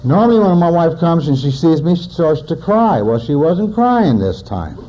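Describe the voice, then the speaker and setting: A man's voice: on the high side, sing-song, moderate pace, lo-fi sound. A man in his forties, a recovering alcoholic, giving a personal testimony in a plainspoken storytelling manner with wry humor. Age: 40s.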